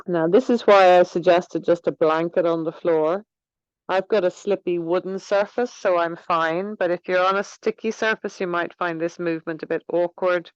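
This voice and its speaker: Woman yoga teacher, calm unhurried guidance, dry close sound, a touch muffled. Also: lowish voice, clear, resonant tone, dry recording. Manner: gentle, unhurried guiding. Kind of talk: guided movement class. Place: room with wooden floor.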